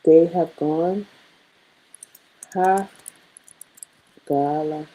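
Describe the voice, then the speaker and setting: A woman's voice: low voice, steady tone, extremely slow, mellow, rough recording. A woman building a language study sheet on screen, thinking aloud, muttering and correcting herself as she types practice phrases. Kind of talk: casual screen-share lesson, thinking aloud.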